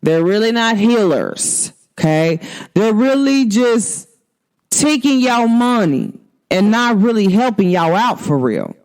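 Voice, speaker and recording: A woman hosting a spiritual talk show, speaking in a sassy, emphatic way and full of slang. Her pitch swoops up and down as she drives her points home. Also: expressive, slow pace, darkish tone. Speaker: astrology show host. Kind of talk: casual spiritual talk to viewers.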